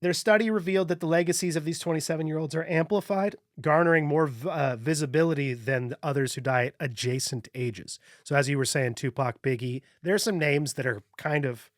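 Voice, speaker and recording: A man's voice: fairly high pitch, fairly quick, hardly any pauses, no room sound, studio quality. A man hosting a casual podcast, reading his research notes aloud and joking between points.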